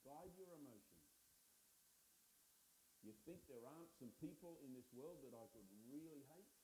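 Male preacher, warm slightly raised voice, emphatic chatty sermon, reverberant hall. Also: on the high side, lively intonation, normal speed, slight background noise. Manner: conversational, emphatic, asks the congregation to respond. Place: church.

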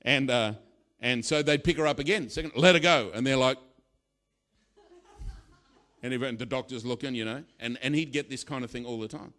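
Male preacher, middle-aged, lively sermon storytelling, acts out lines loudly. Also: mid-range voice, normal speed, long pauses. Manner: storytelling, animated, acts out quotes with sudden loud bursts.

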